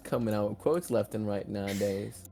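A man's voice: on the low side, moderate pace, creaky, mellow, soft background music. Joking man in a casual chat. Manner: jokey, playful, often laughing.

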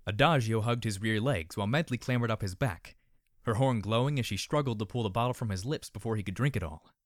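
A man narrating a story in a measured, expressive manner. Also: on the low side, no echo, clean studio sound.

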